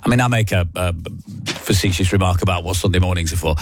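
A man's voice: deep voice, quick pace, no echo, faint music behind. A man presenting live radio, reading out listener messages in a chatty, self-mocking way and chuckling often. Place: radio studio.

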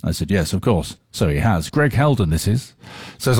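Husky-voiced male radio DJ. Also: sits low, very animated, normal speed, darkish tone, no echo, studio quality. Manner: chatty, with fillers. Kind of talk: casual radio presenting. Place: radio studio. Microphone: studio microphone.

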